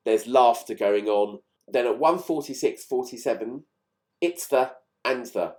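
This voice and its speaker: A man's voice: mid-range voice, a little slow, darkish tone. A man chatting through fine recording details of old songs in a casual, enthused, explanatory way. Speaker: music channel host.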